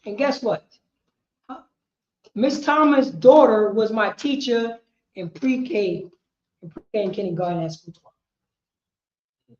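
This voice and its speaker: A woman teaching a history class, lecturing emphatically, repeating herself and rising to shouts. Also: mid-range voice, takes it slowly, long pauses. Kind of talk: street-preaching lecture. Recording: roomy, dull lo-fi sound.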